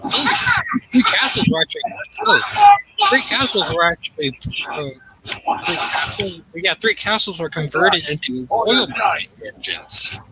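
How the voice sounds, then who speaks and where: A man with a fairly high voice chats in a loose, rambling way, piling up fillers as he thinks aloud. He sounds excitable and unpolished. A steady hiss of noise sits under the recording. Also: unhurried. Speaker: gaming channel host. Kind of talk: casual chat while gaming.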